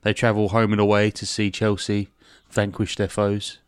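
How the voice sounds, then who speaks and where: A man's voice: lowish voice, monotone, moderate pace, clean tone, dry recording, studio quality. A man, a podcast co-host, recapping a film in a rambling, jokey way and swearing in casual comedic chat.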